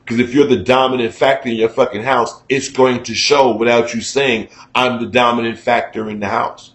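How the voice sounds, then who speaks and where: A middle-aged man giving a candid, profane talk-show monologue, emphatic and conversational, getting loud when he is worked up. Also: medium pitch, little pitch movement, moderate pace, echoey room, poor audio. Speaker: radio talk show host.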